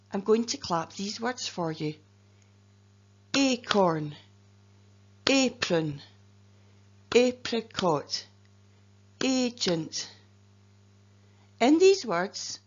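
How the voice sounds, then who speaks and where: A Scottish woman guides young learners through a phonics lesson, sounding out each word and letter with patient care. She speaks slowly at a middling pitch. The recording is a little muffled and lo-fi. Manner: slow, careful, clearly spelling out letters and sounds. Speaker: teacher. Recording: dull lo-fi recording.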